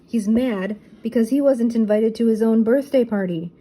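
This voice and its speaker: A woman's voice: normal speed, close to an everyday voice. Woman doing a jittery cowardly young guy. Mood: nervous. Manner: excitable, rising into high yelps.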